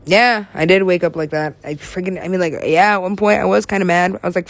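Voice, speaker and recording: A woman's voice: on the low side, fast, hardly any pauses. A young woman rambling to herself in a loose, profane way, now and then dropping into a whisper. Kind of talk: rambling solo talk.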